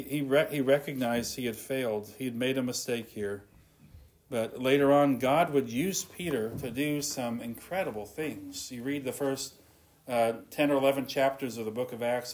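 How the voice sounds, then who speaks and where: A man's voice: medium pitch, normal speed, a little mellow. Earnest man preaching a sermon. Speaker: pastor.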